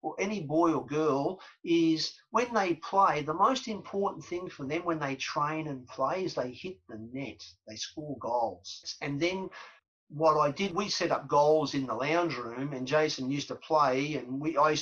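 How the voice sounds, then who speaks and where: An Australian man in his fifties sits as an interview guest and tells stories of his football past, repeating key words for emphasis. His voice sits somewhat high and sounds husky. The recording is a little dull and muffled. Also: measured pace. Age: 50s. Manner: animated storyteller, repeats phrases for emphasis. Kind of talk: storytelling interview.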